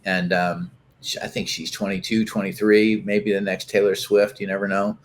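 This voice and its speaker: An older man speaks in a lowish voice, talking in a loose, rambling way. He keeps restarting his sentences and leaning on fillers as he chats with a host. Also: flat delivery, moderate pace, a little hiss or hum. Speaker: guest. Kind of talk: casual interview talk.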